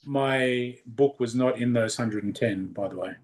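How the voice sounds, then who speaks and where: A man's voice: mid-range voice, unhurried. Teasing Australian man co-hosting. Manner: playful, teasing banter. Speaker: podcast co-host. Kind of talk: casual chat. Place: Las Vegas.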